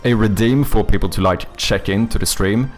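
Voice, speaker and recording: A man's voice: on the low side, normal speed, soft background music. A young man, chatting casually with viewers while making a game on stream, rambling and joking with casual swearing.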